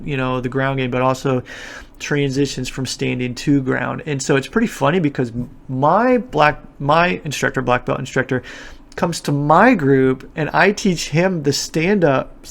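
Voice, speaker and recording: A man's voice: fairly high pitch, vocal fry. A man talking casually in a podcast interview, explaining things at length with frequent fillers and restarts. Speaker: guest, martial arts instructor. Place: Japan.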